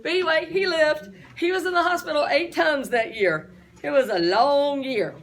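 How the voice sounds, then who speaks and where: A woman's voice: sits high, normal speed. A middle-aged woman teaching a class, chatty and full of stories, often asking the students questions.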